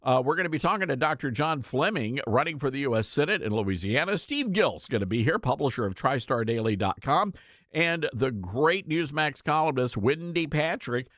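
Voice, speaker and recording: A man's voice: mid-range voice, expressive, moderate pace, fairly bright tone, dry recording. A man hosting a talk radio show, giving opinionated political commentary with emphatic repetition into a studio mic. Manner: emphatic, repeats lines for effect.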